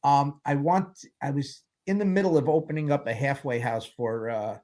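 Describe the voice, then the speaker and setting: A man in his sixties chats as an interview guest, mid-pitched and unhurried. He rambles candidly from one story to the next and slips wry humor into them. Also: a little mellow. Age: 60s. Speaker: guest film producer. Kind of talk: casual interview chat.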